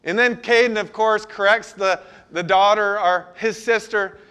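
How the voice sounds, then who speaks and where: A man's voice: high voice, steady tone, a little slow, pushed and bright, smooth. A middle-aged man, a pastor, preaching a sermon with a personal story, talking conversationally and asking the congregation questions.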